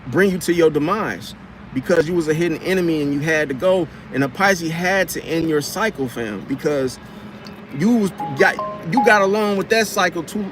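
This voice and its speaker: A man telling a casual story from his car repair job in a rambling, slangy way, often repeating and restarting his words. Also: fairly high pitch.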